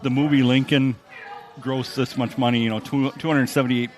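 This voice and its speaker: A man's voice: mid-range voice, steady tone, moderate pace. Man bantering with wry stories. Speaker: podcast co-host. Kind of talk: casual comedic chat.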